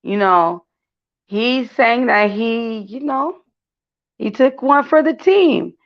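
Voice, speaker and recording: Speaking slowly in a higher voice with lively intonation, a gossip channel host rambles casually about celebrities, dropping fillers and talking to her viewers as "y'all." The audio is dull and lo-fi.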